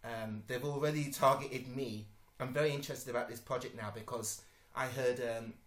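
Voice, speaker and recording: A man talks through a movie trailer in casual, rambling commentary, his mid-range voice jumping from hesitant ums to excited swearing. The recording has a noticeable roomy echo around him. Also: medium pitch, normal speed. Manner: excitable, swears often, rambling with many fillers. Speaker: vlogger reacting to a movie trailer.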